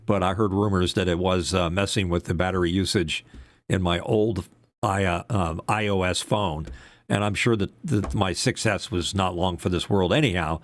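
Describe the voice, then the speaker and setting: A man's voice: lowish voice, no room sound. An older man, a former radio DJ, co-hosting a casual talk show and telling stories with lots of fillers. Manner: rambling storyteller, many fillers. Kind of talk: casual podcast chat.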